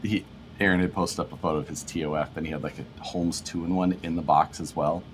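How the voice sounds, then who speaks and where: A man co-hosting a casual livestream, relaxed, laughing often as he reads viewer comments aloud. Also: low-pitched, fairly quick, background noise. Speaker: livestream co-host.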